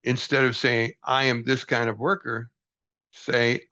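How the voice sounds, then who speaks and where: A man's voice: medium pitch, little pitch movement, measured pace, sharp tone. An older man reading from a book aloud and reflecting on it in an earnest, folksy, self-deprecating way, on a dull lo-fi recording. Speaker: book study host.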